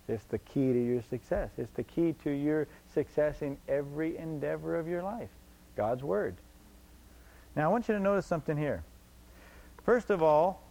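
A man's voice: fairly high pitch, a little mellow, low-quality recording. A man preaching a sermon emphatically, repeating his points and asking the congregation rhetorical questions.

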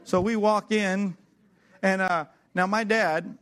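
A man's voice: high voice, takes it slowly. A man telling a personal story, acting out the people in it and laughing as he goes. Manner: animated storyteller, acts out voices, laughs along. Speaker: preacher.

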